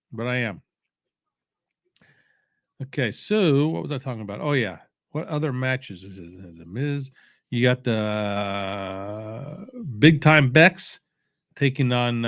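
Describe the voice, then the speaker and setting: A man's voice: mid-range voice, a bit bright, no echo. Sleepy, opinionated man rambling casually. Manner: opinionated, halting, many fillers and restarts. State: sleepy, yawning. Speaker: watch-along host.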